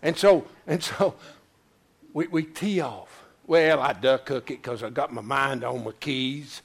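An older man preaching a sermon, telling a folksy story and swinging from low murmurs to loud high exclamations. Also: lively intonation, normal speed. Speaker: pastor.

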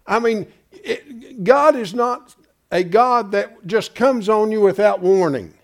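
A man's voice: sits high, takes it slowly. A pastor preaching in an emphatic, folksy way, asking his congregation rhetorical questions. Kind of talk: sermon.

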